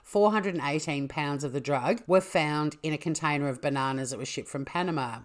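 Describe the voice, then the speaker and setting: Australian woman host, casual storyteller, low voice, playful asides. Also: brisk. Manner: chatty, jokey, with asides. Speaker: podcast host.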